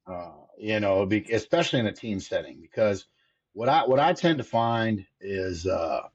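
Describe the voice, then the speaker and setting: Ein Mann mit tiefer, rauer Stimme erklärt als Schlagtrainer im lockeren Interview nachdrücklich seine Sicht und wiederholt dabei gern Formulierungen. Die Aufnahme klingt dumpf und etwas lo-fi. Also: male voice, lowish voice, animated, moderate pace, husky. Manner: emphatic, explains with repeated phrasing. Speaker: hitting instructor, podcast guest. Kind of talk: casual interview talk.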